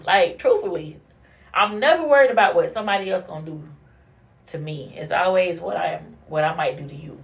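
A woman hosting a casual monologue podcast, blunt and profane, who laughs often and swings from low mutters to high bursts. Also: lively intonation, moderate pace. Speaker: podcast host.

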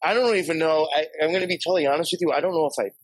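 A man's voice: fairly high pitch, very fast, husky, no room sound, rough recording. Swearing New York man telling a ghost story. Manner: rambling, heavy swearing, laughs often. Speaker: podcast guest. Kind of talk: casual storytelling.

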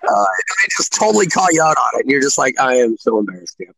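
A man swaps funny stories from his mascot days in a loose, laughing chat. His voice is bright and a little husky, and it jumps around a lot in pitch. The sound is close and dry. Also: quick pace, dry recording, poor audio. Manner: animated, laughing, acts out quotes. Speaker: former sports mascot. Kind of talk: casual storytelling chat.

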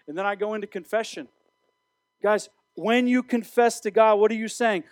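Youth pastor, male, high-pitched, animated preacher; dry close sound. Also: fairly quick, dry recording. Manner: animated preaching with direct address. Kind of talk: sermon.

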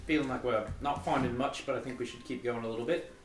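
A man's voice: medium pitch, fairly even intonation, quick pace, echoey room, recorded from a distance. A man playing a tabletop game, laying out his character's plans decisively. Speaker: player.

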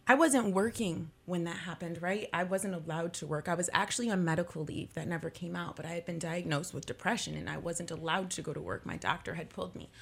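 A woman's voice: on the low side, a little fast, creaky, hardly any pauses, husky. A woman in her thirties, an attorney, speaking in an emotional radio interview with impassioned, emphatic talk that repeats phrases for force. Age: 30s. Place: radio studio.

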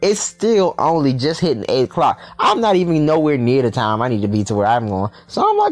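Sassy, animated young man telling a story. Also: mid-range voice, a little fast, hardly any pauses. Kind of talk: casual storytime vlog.

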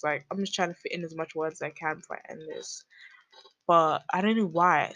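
A woman's voice: mid-range voice, brisk, a bit bright, rough recording. A woman hosting her own podcast, rambling casually in slangy, self-mocking talk. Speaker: podcast host.

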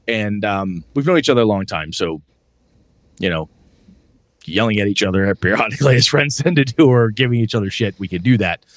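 A podcast co-host with a lowish voice, lively intonation, and a fairly quick pace chats casually about tabletop gaming. He rambles through stories and acts out his friends' lines, and the recording has no room sound.

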